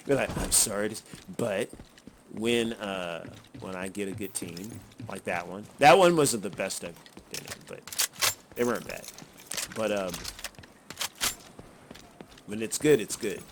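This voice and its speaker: Man, lowish voice, casual gameplay commentary, rambling, swears, noisy background. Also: sing-song, takes it slowly, pauses often. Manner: rambling, chuckling, swears freely. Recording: noticeable background noise.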